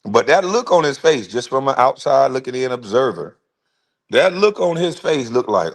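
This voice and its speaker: Casual livestream host, forties man, mid-pitched, slangy and animated. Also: normal speed. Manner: animated, slangy storytelling with laughs.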